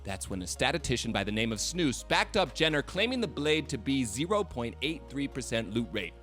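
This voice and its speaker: A man in his late twenties tells a story in a scripted, comedic voice-over. He speaks at a mid pitch with a wry, sarcastic delivery. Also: very animated, a little fast, fairly bright tone, faint music behind. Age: late 20s. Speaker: video essay host.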